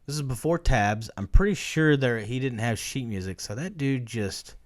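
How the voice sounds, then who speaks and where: A man's voice: medium pitch, lively intonation, normal speed. A man co-hosting a podcast in casual chat, rambling and swearing freely as he talks, laughing often. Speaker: podcast co-host.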